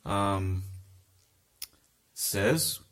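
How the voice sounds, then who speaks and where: A man's voice: fairly low pitch, lively intonation, very slow, a bit bright. A man teaching a Bible lesson in a conversational sermon style, reading verses aloud and adding casual asides.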